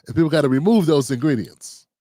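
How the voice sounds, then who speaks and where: A man's voice: on the high side, lively intonation, quick pace, dark tone, no echo. A man from Maryland hosting a livestream, talking casually and often asking "you know what I'm saying". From Maryland, USA. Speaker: livestream host. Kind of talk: casual monologue.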